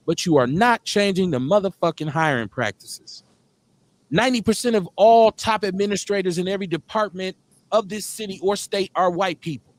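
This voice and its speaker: Fired-up, profane talk radio host, high-pitched. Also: male voice. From Milwaukee, Wisconsin. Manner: fired up, profane, emphatic, rhetorical questions. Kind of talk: heated political talk radio rant.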